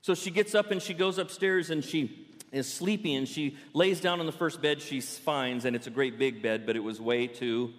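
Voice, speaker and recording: Playful pastor, lightly raised voice, church sermon with a long hall echo. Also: male voice, a little high. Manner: playful, animated storytelling preacher. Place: church sanctuary.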